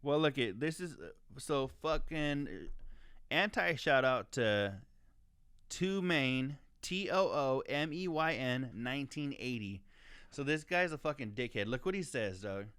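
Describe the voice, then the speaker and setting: A man's voice: medium pitch, animated, measured pace, a bit bright, clear, resonant tone, dry recording, clean studio sound. Ranting, swearing man on a podcast. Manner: heated ranting, heavy swearing, stumbling restarts. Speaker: podcast co-host. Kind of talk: casual profane podcast chat.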